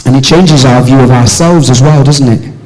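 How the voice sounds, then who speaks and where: Male pastor, church sermon, rhetorical questions, shifts between forceful and soft delivery. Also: moderate pace, rough recording. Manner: asks the congregation rhetorical questions; moves between raised emphatic lines and soft low passages.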